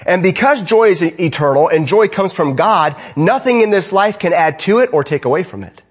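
A man's voice: high-pitched, animated, brisk, husky. A man preaching a sermon as pastor, conversational, often asking his congregation rhetorical questions.

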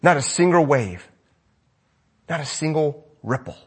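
A man preaching a sermon with passion, his voice rising loud and dropping to a hush. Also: fairly high pitch, lively intonation, unhurried, breathy edge. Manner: impassioned preaching, swinging between loud and hushed. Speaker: pastor.

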